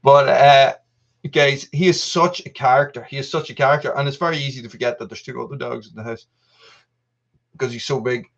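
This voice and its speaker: A man's voice: mid-range voice, fairly even intonation, fairly quick, gravelly, muffled recording. A man hosting a casual live stream from an upstairs room at home, chatting to viewers in a rambling, self-mocking way while testing his microphones. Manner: rambling, self-mocking, restarts and laughs often. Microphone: testing camera mic and desk mic.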